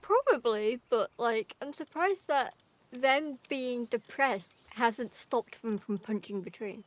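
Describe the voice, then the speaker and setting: A tired, low-energy woman streaming a game, chatting quietly and laughing often, close to her microphone. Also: animated, takes it slowly, low-quality recording. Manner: quiet, laughs often, speaks softly right into the mic. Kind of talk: casual gaming chat. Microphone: desk microphone at close range.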